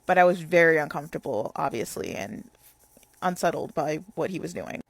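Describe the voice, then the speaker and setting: A woman's voice: deep voice, a little fast, gravelly. A young woman telling a casual storytime, rambling with lots of "like" fillers.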